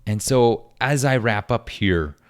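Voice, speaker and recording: A man's voice: medium pitch, lively intonation, takes it slowly, clear, resonant tone. A young man hosting a podcast, talking alone in an earnest, philosophical way with frequent restarts. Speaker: podcast host. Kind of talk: reflective solo podcast monologue.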